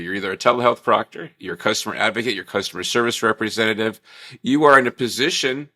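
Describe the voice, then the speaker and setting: A man trainer talks through a recorded morning lesson in a bright, forceful voice. He keeps it upbeat and chatty, tossing in jokey asides. The sound carries the bounce of a bare room with glass walls and a marble floor. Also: mid-range voice. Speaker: workplace trainer.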